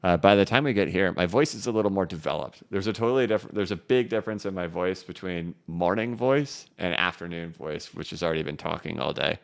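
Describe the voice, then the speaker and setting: A man's voice: sits low, animated, fast talker, vocal fry, few pauses. A male crypto livestream host chatting loosely with many fillers while reading out viewer comments.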